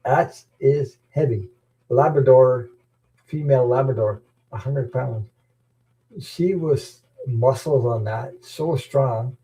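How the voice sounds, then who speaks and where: A man's voice: medium pitch, slow pace, warm tone, low-quality recording. A middle-aged man chatting casually as host of a live stream, rambling and chuckling, often repeating words. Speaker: tarot channel host. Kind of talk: casual chat.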